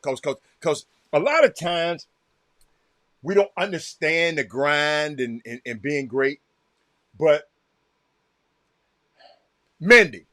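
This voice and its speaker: A man with a Southern American accent hosting a casual livestream, reacting loudly to a game and calling out viewers by name. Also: high-pitched, no room sound, clean studio sound. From Texas. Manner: excitable, reacts loudly to a game while chatting; addresses viewers by name, repeats himself. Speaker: livestream host. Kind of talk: casual chat with live viewers.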